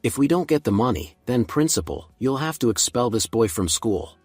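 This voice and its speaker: A man voicing a greedy middle-aged mother who shouts accusations, in a comic recap. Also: mid-range voice, sing-song, moderate pace, slightly rough, no room sound, soft background music. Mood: angry.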